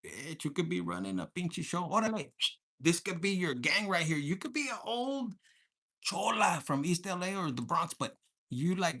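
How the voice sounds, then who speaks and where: A man gives a casual tarot reading to camera, cracking crude, profane jokes nonstop and sprinkling Spanish slang into his English. He briefly mimics his listeners in mock voices, and his voice sits high, animated, bright and pushed.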